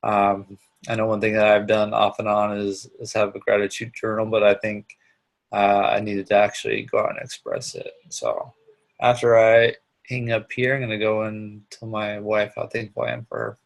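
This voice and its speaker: A middle-aged instructor with a gravelly, lowish voice leads an online live business class. Speaking earnestly and haltingly, he often restarts sentences while sharing personal reflections with his students.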